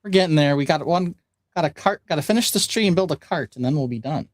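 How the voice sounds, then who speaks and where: A man's voice: a little high, animated, fast talker, no room sound. Easygoing man chatting while he builds. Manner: easygoing, explains steps as he builds. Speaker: host. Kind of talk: casual live-stream chat while building.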